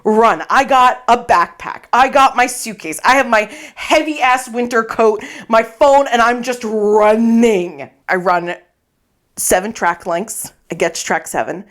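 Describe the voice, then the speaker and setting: Animated storytelling woman, swears and laughs. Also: a little high, a little slow. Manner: animated, swearing, acts out her own quotes, laughs often. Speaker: podcast co-host. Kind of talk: casual storytelling chat. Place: podcast recording space.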